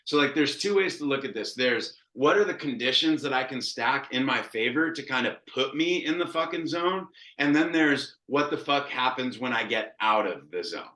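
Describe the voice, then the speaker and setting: A man in his thirties coaching quarterbacks, talking in a loose, cursing, storytelling way. His voice is bright and forceful. It rings out in an echoey room. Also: medium pitch, moderate pace, hardly any pauses. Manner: profane, animated storytelling with acted quotes. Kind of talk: casual coaching talk.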